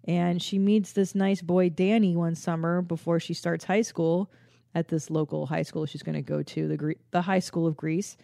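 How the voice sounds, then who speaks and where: A woman's voice: on the low side, fairly even intonation, normal speed, vocal fry, warm tone, dry recording, clean studio sound. A woman in her forties from the Los Angeles area hosting a podcast, rambling in a casual, profane and self-mocking comedic monologue. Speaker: podcast host.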